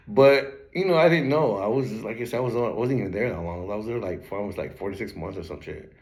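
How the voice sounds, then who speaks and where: A young man hosting his own channel, telling his life story in a relaxed, slang-heavy way with plenty of swearing. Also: fairly low pitch, fast talker, few pauses. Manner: laid-back street slang, swears a lot, breaks into laughter. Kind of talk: casual storytelling to camera.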